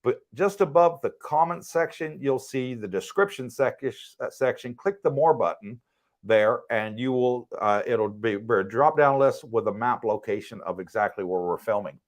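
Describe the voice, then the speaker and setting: A man's voice: mid-range voice, normal speed. Chatty American man on a livestream. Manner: relaxed, chatty, easy laughs. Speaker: livestream co-host. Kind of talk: casual livestream chat reading viewer questions. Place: condo in Thailand.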